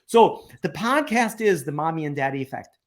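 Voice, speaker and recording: A man hosting a live interview, giving advice through anecdotes in a slow, deliberate way. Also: fairly high pitch, expressive. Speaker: podcast host and coach.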